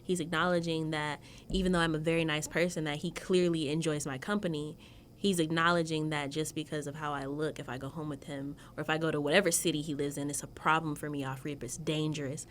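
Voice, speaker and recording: A young woman, telling lively work anecdotes in a casual group chat on a radio show. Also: sits low, fast talker, a little hiss or hum. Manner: animated storyteller, acts out voices in anecdotes. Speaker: radio discussion guest.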